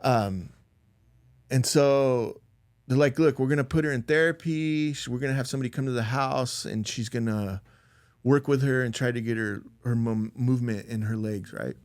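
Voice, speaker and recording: Guesting on a podcast, this man recounts something from his own life, his medium-pitched, darkish voice moving at a moderate pace. The studio-quality recording has no echo. His delivery is casual and meandering, packed with "like" and "dude," and he gets louder when performing the quotes.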